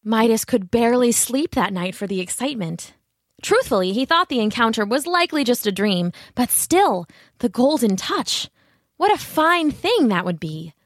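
Woman, storybook narrator, steady delivery, dry recording. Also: a little high, normal speed, no room sound. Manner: clear, steady retelling with asides to the listener.

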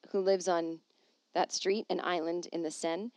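A woman's voice: fairly low pitch, fairly even intonation, a little slow, no echo. A woman hosting a podcast from home, chatting casually and reading an article aloud with wry, jokey asides. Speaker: podcast host.

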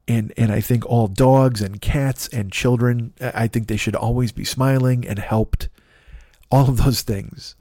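A man's voice: mid-range voice, fairly even intonation, measured pace, dark tone, dry recording. Rambling man with a dry close voice. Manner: rambling, self-critical, many restarts. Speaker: podcast host. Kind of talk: casual solo monologue.

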